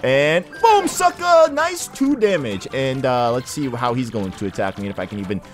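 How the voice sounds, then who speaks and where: A young man hosting a let's play, commenting on gameplay in a casual, excitable, slangy way. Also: mid-range voice, brisk, soft background music.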